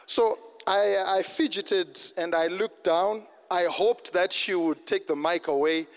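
A man's voice: high voice, unhurried, long reverb tail. A man preaching a sermon, telling a personal story and then urging his congregation on with rising fervour. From London. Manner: storytelling, building to fervent exhortation. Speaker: pastor.

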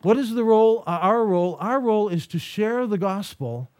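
A middle-aged man giving a storytelling lecture, animated and acting out the voices of the people in his stories. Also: high voice, normal speed, dry recording, studio quality.

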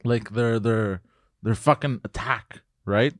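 A man's voice: lowish voice, slow, dry recording, clean studio sound. A man in casual chat, talking earnestly and searching for words, often restarting.

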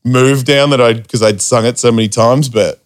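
Speaking at medium pitch and normal speed, a man shares stories in a casual podcast chat. He's an animated storyteller who swears a lot and delivers quotes in a raised voice.

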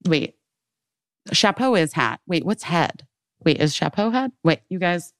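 Recorded dry in a clean studio, a woman with a fairly low pitch speaks at a measured pace. She's an animated podcast co-host telling a story in casual talk, quoting her friends theatrically, swearing a lot, and saying "like" often.

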